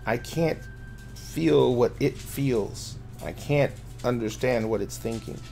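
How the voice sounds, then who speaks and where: A man voicing a quiet, measured spirit of the mind. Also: medium pitch, creaky, soft background music. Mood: grave. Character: calm low spirit, another half within the mind.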